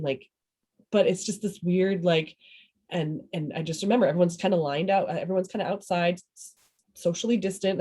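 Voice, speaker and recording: A woman, a parent, talks casually in an oral history interview, rambling, cutting off her own sentences and laughing often. Her voice is fairly low, warm and husky.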